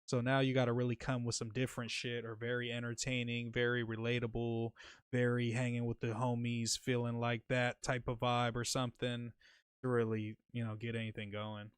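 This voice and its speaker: A man hosting a livestream podcast talks in a loose, slang-heavy way and says bro a lot. His voice is smooth and resonant. The sound is close and dry, with no room around it. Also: mid-range voice, monotone, a little fast, dry recording. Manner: laid-back and slangy, reads chat aloud, keeps saying bro. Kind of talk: casual livestream chat.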